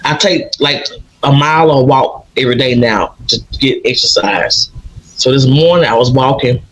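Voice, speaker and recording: Husky man. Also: medium pitch, moderate pace, rough recording. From Louisiana. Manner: animated, rambling storyteller with many restarts. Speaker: podcast host. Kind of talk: casual podcast chat.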